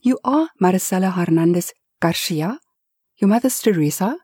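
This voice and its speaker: A woman voicing an excitable, gushing middle-aged woman tourist who talks in a high, eager rush. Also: moderate pace, husky, no echo, clean studio sound. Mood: excited.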